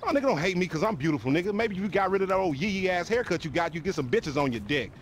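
Lamar, a brash, mocking street hustler. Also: male voice, sits high, expressive, rapid-fire, a little hiss or hum. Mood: taunting. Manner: crude, mocking trash talk. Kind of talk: video game cutscene dialogue.

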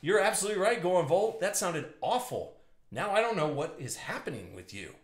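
A man's voice: sits high, very animated, a little fast. A man hosting a live trading card break, bantering and joking with chat viewers as he reads out the hits. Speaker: box break host. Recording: echoey room with faint noise.

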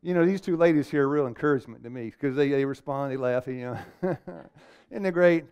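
A man's voice: medium pitch, fairly quick, darkish tone, smooth, dull audio. A middle-aged man preaching a seminar sermon to a live audience, firing questions at them and calling for amens. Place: meeting room with a live audience.

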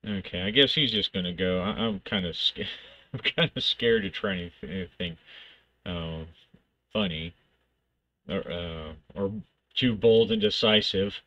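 A man with a fairly low voice plays a solo tabletop game, musing his way through the rules. He narrates the fight in quick bursts. The recording sounds dull and lo-fi. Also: sharp tone. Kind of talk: thinking aloud while playing a solo tabletop game.

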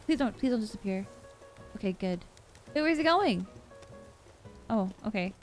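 A young woman giving chatty, excitable gameplay commentary as a gaming vlogger. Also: medium pitch, moderate pace, long pauses. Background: faint game music.

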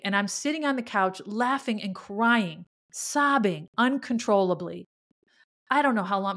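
A middle-aged woman hosting a podcast, telling a personal story in an earnest, halting, emotional way. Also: medium pitch. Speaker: podcast host.

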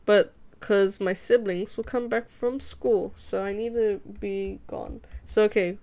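This is a young woman from Australia, a livestreamer laughing and talking with her chat as she draws at home. Her mid-range voice is steady and darkish, with a measured pace and few pauses. The audio comes through a desk mic over faint background music.

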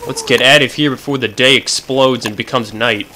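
A man giving profane, excitable commentary while playing a video game, swinging between shouted outbursts and low muttering. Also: normal speed, a little hiss or hum, poor audio. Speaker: let's play gamer. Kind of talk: gaming commentary.

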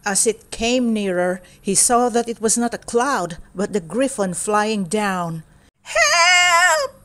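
A woman reading a children's storybook aloud in a steady, clear storytelling manner. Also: mid-range voice, unhurried. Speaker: storybook reader.

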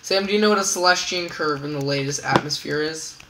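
A man casually commentating his own gameplay as host, excitable and repeating catchphrases in a singsong. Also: on the high side, a little fast, very noisy. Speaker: gamer host.

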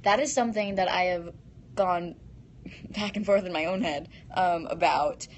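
A woman's voice: lowish voice, a little slow, a little hiss or hum. Bubbly giggly teen girl chatting. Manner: bubbly and giggly, reads comments aloud. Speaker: live stream host answering fan questions. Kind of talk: casual live-stream chat. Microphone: phone.

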